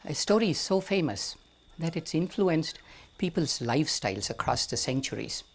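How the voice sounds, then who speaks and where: A man from India with an Indian accent, telling a story to a live audience in an amphitheater, speaking slowly and deliberately with wry humor. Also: on the high side, sing-song, breathy edge. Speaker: guest storyteller.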